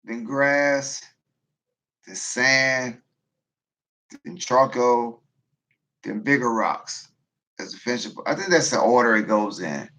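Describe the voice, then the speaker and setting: A man hosting a casual livestream, talking in a tired, low-energy way and often repeating and restarting his phrases. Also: takes it slowly, long pauses, sharp tone. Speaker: livestream host, veteran prepper.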